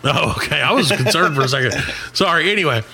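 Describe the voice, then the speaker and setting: A middle-aged man on a comedy podcast telling a long story in a casual, animated way, swearing and acting out what other people said. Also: on the high side, fast talker, vocal fry, crowd noise. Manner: animated, swearing, acts out quoted voices. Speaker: podcast co-host.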